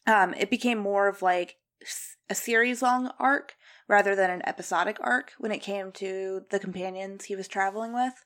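A woman's voice: medium pitch, moderate pace, a bit bright. An enthusiastic young woman talks casually about movies as a podcast co-host. Her delivery is chatty and eager. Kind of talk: casual film discussion.

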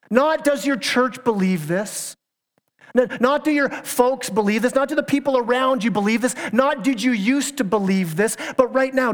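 His voice is extremely high and his pace moderate as this pastor preaches with earnest emphasis. Questions pile up for his listeners, now and then he stumbles and restarts, and the church hall lends a long echo to the recording.

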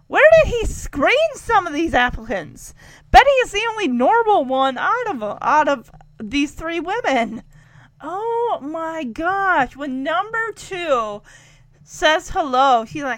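Woman podcaster recapping a show, high voice that swoops all over, does the characters. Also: measured pace, dry recording. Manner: animated, acts out characters' lines. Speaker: podcast host. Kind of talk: casual retelling of a show episode.

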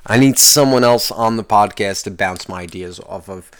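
A man hosting his own podcast alone, ranting in a profane, exasperated way, his voice jumping higher when he gets worked up. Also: moderate pace, smooth. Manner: pitch jumps up when worked up. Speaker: podcast host. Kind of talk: casual solo podcast rant.

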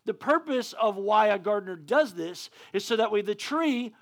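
Man, preacher, sermon, high-pitched, excitable, stammering restarts. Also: normal speed.

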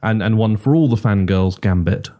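A man's voice: lowish voice, normal speed, warm tone. A man co-hosting a casual podcast chat about comic book films, joking wryly. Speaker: podcast co-host.

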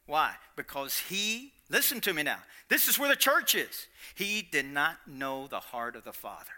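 A man's voice: on the high side, sing-song, normal speed, pushed and bright. A man preaching a sermon, emphatic, repeating his lines and quizzing the congregation. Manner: emphatic, repeats lines, asks the audience questions.

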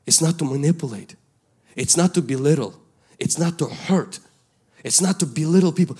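A male pastor, preaching a sermon and telling a story from his youth, swinging between loud calls and hushed asides. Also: a little high, moderate pace, husky. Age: 20s at the time of the story, now older.

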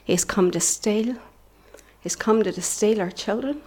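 A woman's voice: mid-range voice, takes it slowly, darkish tone. Woman, Northern Irish accent, middle-aged, church testimony, earnest preaching, drops into whispers. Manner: earnest and impassioned, dropping into whispers.

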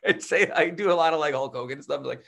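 A young man's slightly high voice, with vocal fry, comes at normal speed over a noisy background. He's a teacher and podcast co-host telling stories casually, animatedly acting out quotes in a loud voice.

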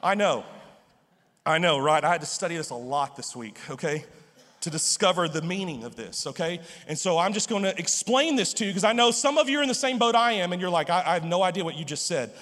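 Pastor guy preaching, kinda high voice, lots of restarts and jokes, big church echo. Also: animated, a little fast, fairly bright tone. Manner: stammering restarts, joking asides. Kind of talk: sermon.

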